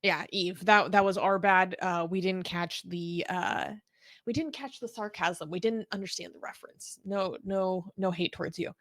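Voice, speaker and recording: A woman's voice: fairly low pitch, normal speed, fairly bright tone, no echo, studio quality. A woman co-hosting a live stream, chatting and reading out viewer messages. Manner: conversational, reads viewer messages. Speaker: co-host reading super chats. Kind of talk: casual live-stream discussion.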